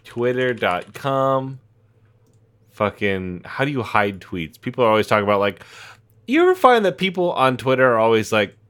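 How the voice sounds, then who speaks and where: A man co-hosting a comedy podcast in casual chat, profane and quick to laugh as he tells a story. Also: medium pitch, big pitch swings, fairly bright tone, clear, resonant tone. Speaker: podcast co-host.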